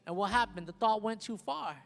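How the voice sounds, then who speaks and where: A man's voice: sits high, fairly quick, gravelly. Emphatic male pastor preaching in a hall. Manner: emphatic, repeats questions to the congregation. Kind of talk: sermon. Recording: long hall reverb with soft guitar behind.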